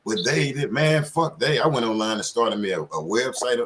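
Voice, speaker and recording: A man's voice: medium pitch, animated, normal speed, a bit bright, a little hiss or hum. A man in casual panel talk, telling loose, profane stories full of slang. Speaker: community panelist.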